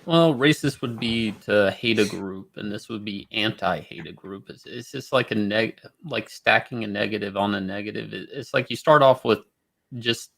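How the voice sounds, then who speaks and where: A man co-hosting a livestream, chatting casually and thinking out loud with some hesitation. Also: fairly low pitch, moderate pace, creaky.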